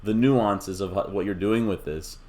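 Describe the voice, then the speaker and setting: A man's voice: low voice, normal speed, dark tone. A middle-aged man teaching a recorded math lesson, explaining step by step in a patient, casual way with small asides. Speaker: math instructor.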